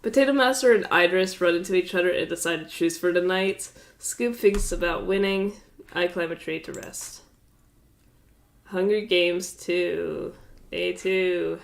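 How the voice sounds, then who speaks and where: A congested woman with a slightly low voice reads game events out one after another on a casual live stream. She drops offhand, amused asides between the lines and laughs often. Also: creaky.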